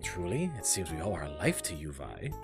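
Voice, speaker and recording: Man doing a solemn, formal beetle knight, low voiced. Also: big pitch swings, moderate pace, music in the background.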